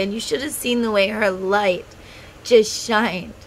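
Woman, 30s, earnest rambling vlog talk on a phone mic, slight background hiss, mid pitch. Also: animated, a little slow, poor audio. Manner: heartfelt, rambling, talks straight to viewers. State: emotional, close to tears. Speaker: tarot content creator. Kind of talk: casual monologue to camera.

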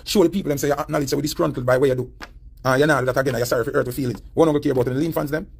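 A man's voice: mid-range voice, steady tone, racing, vocal fry, slight background noise. A man with a Jamaican accent giving heated, preachy commentary, repeating his points as he rants. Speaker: online commentator. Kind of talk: ranting commentary.

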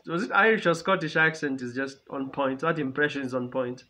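A man's voice: mid-range voice, a little fast, background noise. A man giving casual reaction commentary on a film, chatty, laughing often and repeating phrases as he talks. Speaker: movie reaction reviewer.

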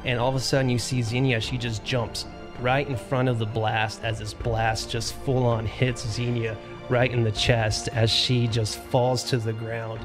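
A man leads a tabletop game as game master, narrating scenes in a steady, monotone voice with little rise and fall. He fills pauses with "uh" and "um" as he paints the action. Soft music plays faintly in the background. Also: medium pitch. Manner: steady descriptive narration with frequent fillers.

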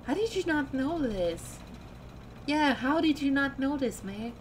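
A sharp-tongued, bitter young crocodile girl, voiced by a woman reading a game. Her lines come out cold and cutting, slow and scornful. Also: high-pitched, expressive, background noise, pitched above the performer's own voice.

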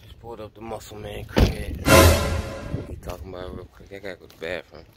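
A man's voice: fairly low pitch, steady tone, fast, creaky, over loud music. A man vlogging in casual chat, joking and laughing often.

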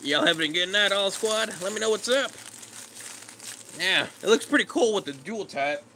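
A man's voice: high voice, expressive, normal speed, gravelly, bright, forceful tone, slight background noise. A man casually chatting with his live stream viewers, laid-back and greeting them by name. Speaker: streamer reading chat.

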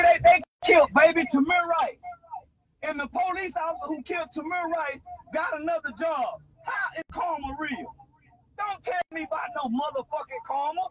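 Brief: high-pitched man, confrontational taunting rant, slightly muffled lo-fi phone sound. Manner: aggressive, taunting, profane, shouts at times. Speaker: live video streamer. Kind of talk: heated live-stream rant. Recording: slightly dull lo-fi phone audio with faint background noise.

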